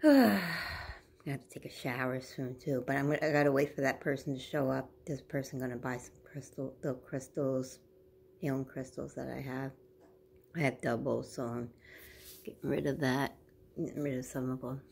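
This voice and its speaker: Very low-voiced woman chatting on a vlog. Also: steady tone, normal speed, creaky, a little hiss or hum. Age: 40s. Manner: rambling, chatty, drops into soft baby talk to her dog. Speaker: vlogger. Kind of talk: casual home vlog chat.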